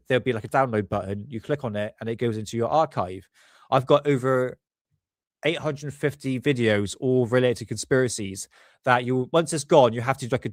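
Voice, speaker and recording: A man's voice: mid-range voice, no room sound, studio quality. A man hosting a casual livestream, rambling and chatty with a blocked-up nose. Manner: rambling, chatty, self-correcting. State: congested, stuffy sinuses. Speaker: livestream host.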